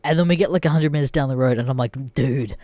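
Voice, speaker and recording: A man's voice: fairly high pitch, rapid-fire, darkish tone, no echo. A young Australian man hosting a podcast, telling a story casually with lots of swearing and laughter. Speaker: podcast host.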